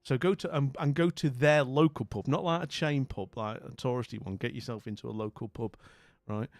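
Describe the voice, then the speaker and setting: A man's voice: mid-range voice, brisk, gravelly, no room sound, clean studio sound. A middle-aged man chatting casually with his stream's viewers, rambling with lots of fillers and restarts. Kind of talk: casual chat with viewers' comments.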